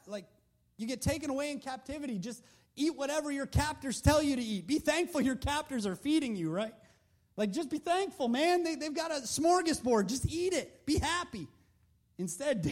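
A man's voice: very high voice, lively intonation, moderate pace, a little mellow. A man preaching a sermon in a conversational, emphatic way, full of rhetorical questions, into a handheld mic.

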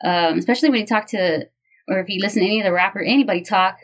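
A woman's voice: mid-range voice, racing. A woman from Texas in a casual podcast chat, giggly and teasing.

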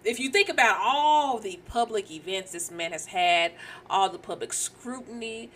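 A woman's voice: mid-range voice, normal speed, fairly bright tone. A woman co-hosting a podcast, talking emphatically and opinionated, often checking if she's understood. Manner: emphatic and opinionated, keeps asking "you know what I'm saying". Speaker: podcast co-host. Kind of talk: casual podcast chat.

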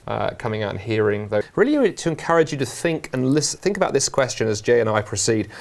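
Londoner guest, quick and animated, chatty with plenty of fillers. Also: male voice, medium pitch. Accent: South London. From England. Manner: animated, jokey, many fillers. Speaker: guest, Christian scholar. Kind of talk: conversational interview.

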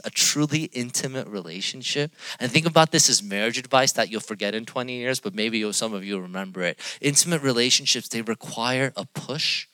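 A young adult man preaching a sermon, swinging between loud emphatic passages and quiet joking asides. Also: medium pitch, no room sound. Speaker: pastor.

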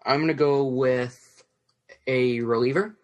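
Chatty fantasy baseball podcast co-host. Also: male voice, medium pitch, steady tone, measured pace. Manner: chatty, quizzes his co-host. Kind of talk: casual chat drafting fantasy baseball.

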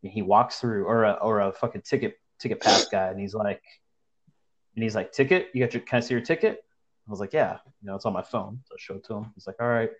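A man's voice: fairly low pitch, fast, muffled recording. A young man casually telling a story to friends, profane and slangy, acting out the people he describes. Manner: profane, slangy, animated retelling.

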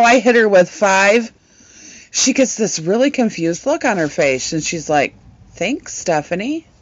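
Woman podcaster chatting, cusses a lot, bouncy pitch, muffled lo-fi mic. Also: no room sound. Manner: animated, swears freely, laughs often. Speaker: podcast co-host and live streamer. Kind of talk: casual chat, storytelling.

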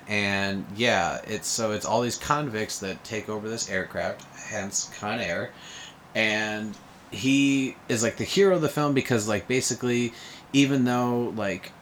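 A young man with a fairly low voice talks loosely and at length in an easygoing chat, leaning on fillers and breaking into laughs. A faint hum of room ambience sits under him. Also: a bit bright. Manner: rambling, lots of filler "like", laughs often. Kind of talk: casual podcast chat about movies.

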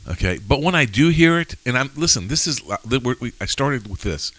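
A man's voice: mid-range voice, sing-song, a little fast, fairly bright tone, dry recording. A man co-hosting a casual faith discussion, speaking emphatically and pressing with questions. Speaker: podcast co-host.

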